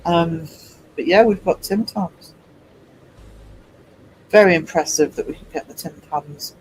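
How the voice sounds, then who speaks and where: A man's voice: a little high, unhurried, a little mellow, slight background noise, poor audio. A man, an artist chatting casually and rambling to his stream viewers as he works, laughing easily.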